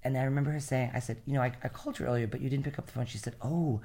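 Very low-voiced woman podcast co-host. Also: very fast. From Rhode Island, USA. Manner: expressive storyteller, does voices. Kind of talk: casual chat.

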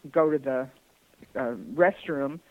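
A man's voice: medium pitch, fairly even intonation, slow, no echo, narrow, tinny audio. An older man from Detroit telling long, rambling anecdotes as a podcast guest, breaking into laughter now and then. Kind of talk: podcast conversation, storytelling.

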